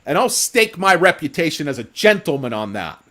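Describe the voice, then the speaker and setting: A man's voice: a little high, very animated, normal speed, fairly bright tone. A man hosting a casual stock market show, ranting in a profane, sarcastic, rambling way with comic insults. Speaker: stock commentary host.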